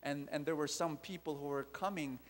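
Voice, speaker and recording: A male preacher delivering a lively sermon, firing repeated questions straight at the crowd. His voice sits fairly high for a man. It rings out with the long reverb of a large hall. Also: brisk. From Philippines. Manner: animated, repetitive, direct questions to the audience.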